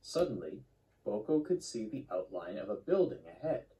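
A man narrating a children's train story in a measured, expressive storytelling manner. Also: lowish voice, low-quality recording. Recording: loud background music.

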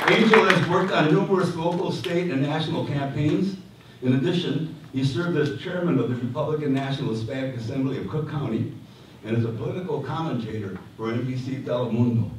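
A man moderating a panel at a conference, introducing the speakers with joking asides and many restarts. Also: mid-range voice. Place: community hall. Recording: echoey hall from far off, faint noise.

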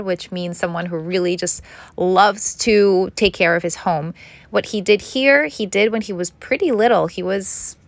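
A woman narrates a casual voice-over in a relaxed, explaining tone. Her voice sits at an ordinary mid pitch and sounds close and dry, with no room around it. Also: gravelly, dry recording.

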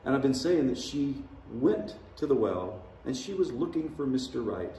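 A man's voice: mid-range voice, sing-song, normal speed, dark tone, slight background noise. A man, a pastor, preaching a sermon in a conversational style. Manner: conversational preaching with dramatic voiced quotes. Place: large church sanctuary. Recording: echoey church hall from far off.

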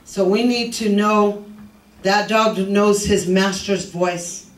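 An older man preaching a sermon as a pastor, fervent and rising to shouts, with joking asides. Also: sits high, fairly even intonation, slow. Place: church sanctuary. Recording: echoey, distant room recording.

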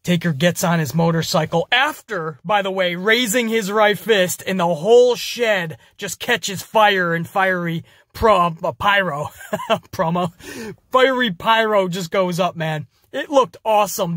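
High-voiced man recapping wrestling, profane. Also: unhurried, no room sound, studio quality. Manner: energetic, profane storytelling. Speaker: podcast host. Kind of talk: casual wrestling show review.

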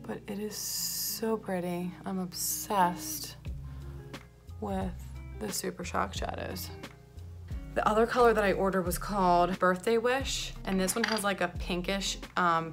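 A woman's voice: lowish voice, creaky. A woman makeup artist chatting casually through a tutorial at home, a little out of breath, with lots of "like" in her talk. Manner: chatty, filler-heavy, enthusiastic about products. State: a bit out of breath.

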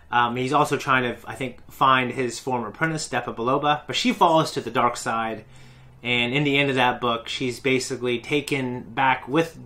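A man's voice: mid-range voice, bright, forceful tone. Male reaction host with an ordinary middle-range voice, eager and rambling, often restarts his sentences. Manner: rambling, enthusiastic, self-correcting. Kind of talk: casual fan commentary.

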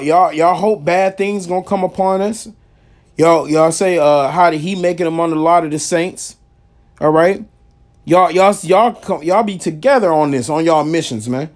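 Man preaching, emphatic street sermon, slightly high-pitched. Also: a little mellow. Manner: emphatic, repeats "man" and "y'all", reads verses aloud. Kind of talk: street sermon with scripture reading.

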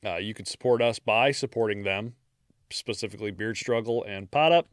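A man with a Midwestern American accent co-hosting a podcast, joking and laughing as he reads shout-outs. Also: normal speed, dry recording, clean studio sound. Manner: jokey, laughs a lot, swings pitch widely. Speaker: podcast co-host. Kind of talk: casual podcast chat with plugs.

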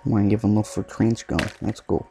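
Brief: man playing a deadpan fake-Russian gamer, low voice, faint game music behind. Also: a little fast, gravelly, rough recording. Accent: put-on Russian. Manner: deadpan, trash-talking. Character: joking mock-Russian gamer persona, young man.

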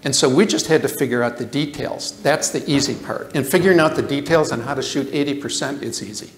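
An older man giving a lecture, animated, asking the audience questions and repeating himself for emphasis. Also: medium pitch, brisk, roomy sound, slight background noise. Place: lecture hall.

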